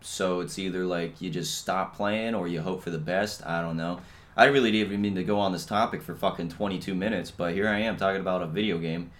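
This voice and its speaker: A man's voice: low-pitched, fairly even intonation, brisk. A young man hosting a podcast, ranting bluntly and swearing constantly, with lots of filler and "you know what I mean.". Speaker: podcast host. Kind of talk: casual rant.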